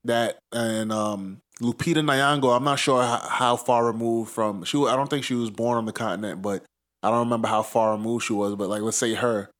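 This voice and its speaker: A man's voice: mid-range voice, fairly even intonation, a little fast, a bit bright. A man talking in a casual podcast chat, rambling and profane, often laughing mid-sentence.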